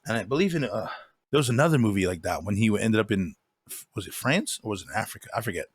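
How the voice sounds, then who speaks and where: A man's voice: on the low side, expressive, quick pace, slightly rough. A man co-hosting a podcast, chatting casually about a movie, rambling and laughing as he retells scenes. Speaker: podcast co-host. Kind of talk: casual movie review chat.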